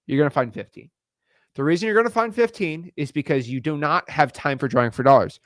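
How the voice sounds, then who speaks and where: Upbeat coach, slangy and emphatic. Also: male voice, a little high, very animated, no room sound, studio quality. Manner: fast, emphatic, slangy, repeats words for emphasis. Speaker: real estate wholesaling coach. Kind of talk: energetic coaching video lesson.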